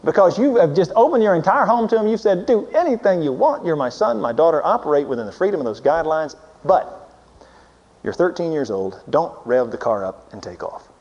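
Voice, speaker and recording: Animated preacher man, lo-fi recording. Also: brisk, long reverb tail. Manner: animated, swinging from loud emphatic peaks to low hushed asides. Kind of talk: sermon.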